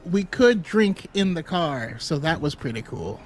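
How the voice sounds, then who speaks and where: A man with a fairly high voice co-hosts a live call-in show. He talks in halting bits, full of fillers and quick laughs. Faint noise hums under him. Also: very animated. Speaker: co-host.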